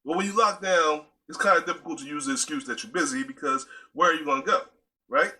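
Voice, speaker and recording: A man talks straight to his viewers in a casual, preachy way. His voice sits high and sounds very bright. He keeps calling his listeners y'all. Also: quick pace, low-quality recording. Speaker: video host. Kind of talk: casual direct-to-camera talk.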